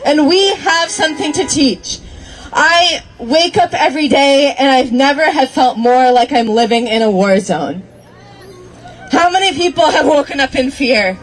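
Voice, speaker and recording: A woman from Minnesota giving an emotional, shouted speech as an activist at an outdoor protest. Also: high voice, measured pace, low-quality recording. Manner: emotional, near tears, shouting. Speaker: activist speaker. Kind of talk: impassioned rally speech. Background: crowd.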